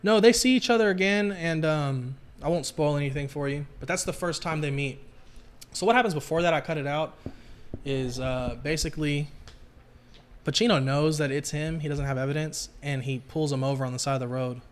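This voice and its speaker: A man hosting a casual podcast, talking excitably with lots of swearing and fillers. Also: on the high side, a little fast. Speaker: podcast host. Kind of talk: casual chat.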